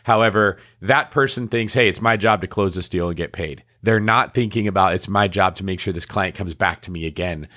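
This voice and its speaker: A man's voice: low-pitched, a little fast, few pauses. A middle-aged man co-hosting a business talk show, explaining ideas in a casual way and acting out the reactions of the people he quotes. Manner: animated, acts out quoted reactions. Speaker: podcast co-host.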